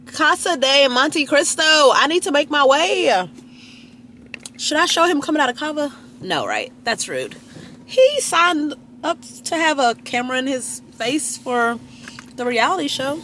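A young woman vlogging into a handheld phone while people watching at a restaurant. Her chatty, gossipy talk sits a bit high and swoops all over the place. There is a faint hiss behind her. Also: very animated, measured pace, pushed and bright. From Dallas, Texas. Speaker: lifestyle vlogger. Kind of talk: casual chatty vlog talk to camera.

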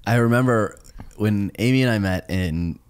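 A man's voice: fairly low pitch, moderate pace, smooth. A man hosting a podcast, telling personal stories and giving relationship advice in a casual conversation. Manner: storytelling, advice-giving, animated. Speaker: podcast host.

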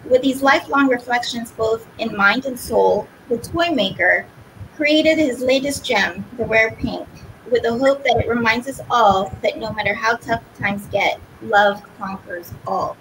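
Woman cohost, casual chatty, kinda high voice, noisy recording. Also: fairly bright tone. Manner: chatty, reads aloud haltingly. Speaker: co-host. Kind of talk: casual interview chat.

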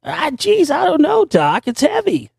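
Man doing a hoarse, high, whiny Marty McFly. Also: wildly swooping pitch, a little slow, a little mellow, no room sound, studio quality, full character voice. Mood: flustered. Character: excitable teenage boy, movie time-traveler.

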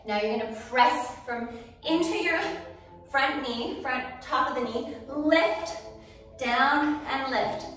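Woman fitness instructor, high voice, slow and steady cues, slightly winded; echoey room, distant mic, faint music. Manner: counting reps aloud, encouraging. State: a little out of breath. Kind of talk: guiding an exercise class.

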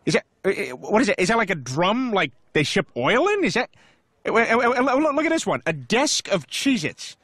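A man voicing a loud, goofy middle-aged family man in a cartoon, blustering and stammering. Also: high voice, big pitch swings, moderate pace, dry recording, studio quality, full character voice. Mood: baffled. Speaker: director on set. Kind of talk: cartoon voice acting.

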